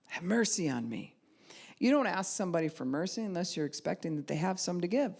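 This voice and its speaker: A woman pastor preaching a sermon, retelling a scripture story with lively voices for its figures and rising to loud cries at its peaks. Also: fairly low pitch, brisk, gravelly.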